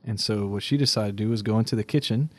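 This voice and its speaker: A man's voice: fairly low pitch, fast talker. A man co-hosting a casual podcast in a studio, stuffy with a cold and fond of punning dad jokes. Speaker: podcast co-host.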